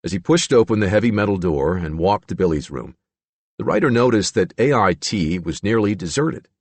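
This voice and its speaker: In a deep voice, a man narrates an audiobook, telling the story in a measured and expressive way. There's no room sound on the recording.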